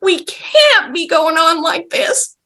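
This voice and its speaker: A man's voice: extremely high pitch, big pitch swings, slow, sharp tone, pitched above the performer's own voice, full character voice. A woman mimicking a furious, whiny older man who rants at a widow, half crying. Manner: half-crying, whining rant.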